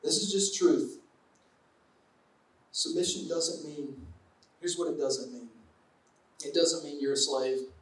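A man's voice: fairly high pitch, steady tone, slow, long pauses. A man preaching a conversational sermon to a congregation, with playful asides. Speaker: pastor. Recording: echoey hall from far off.

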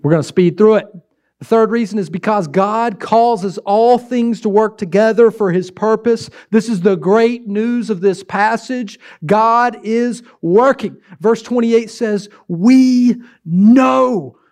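A man's voice: sits high, a little slow, darkish tone. A pastor preaching a sermon, exhorting with repeated emphatic phrases and shifting his pace for effect.

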